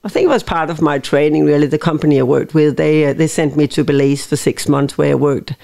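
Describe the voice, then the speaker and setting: A woman's voice: low-pitched, steady tone, fast, creaky, warm tone. A woman in her fifties from Denmark with a Danish accent, a guest in a podcast interview who speaks thoughtfully, often restarting her phrases. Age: 50s. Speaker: guest, winery owner.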